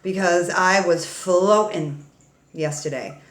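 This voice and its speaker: A woman's voice: fairly low pitch, slow, reverberant. A woman doing a casual tarot reading, playful and slangy, swearing freely and talking straight to her viewers. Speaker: tarot reader.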